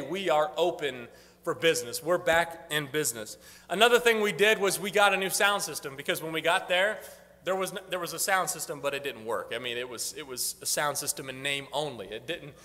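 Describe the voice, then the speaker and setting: A pastor from the northern United States gives an informal talk on ministry updates to his congregation in the church sanctuary. His voice is high-pitched and sharply bright, his delivery casual and rambling with frequent restarts, and a long reverb from the hall fills the sound.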